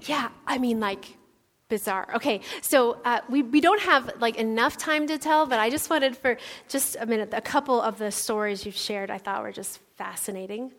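Thirties woman preacher, casual and personal, slightly high, reverberant church hall. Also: moderate pace, a bit bright. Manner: chatty, personal storytelling with fillers. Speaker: church speaker. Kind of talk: conversational sermon. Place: church sanctuary.

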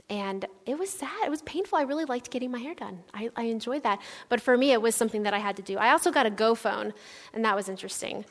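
A woman's voice: a little high, expressive, a little fast. A woman in her thirties giving a conversational sermon, telling personal stories with lots of fillers. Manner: chatty, personal storytelling with fillers. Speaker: church speaker. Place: church sanctuary. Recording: long hall reverb.

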